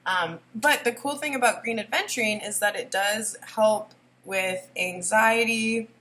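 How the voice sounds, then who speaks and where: A woman's voice: medium pitch, unhurried, pushed and bright, slight background noise. A young woman doing a casual tarot reading, rambling and giggly, often emotional. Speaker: tarot reader.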